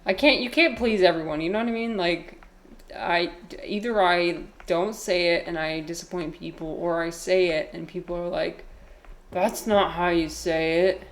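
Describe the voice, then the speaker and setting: A woman streamer with a slightly low voice, chatting loosely with her viewers while she plays a game. She giggles often, reads comments aloud and pokes fun at herself in an easy, unscripted way. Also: fairly even intonation, moderate pace. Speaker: livestreamer playing a game. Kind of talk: casual live-stream chat.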